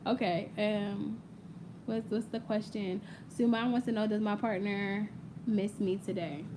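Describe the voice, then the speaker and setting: A woman's voice: mid-range voice, fairly even intonation, a little slow, background noise. Chatty young woman reading tarot live. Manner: chatty, playful, laughs often, addresses viewers directly. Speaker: tarot reader. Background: quiet ambient audio playing.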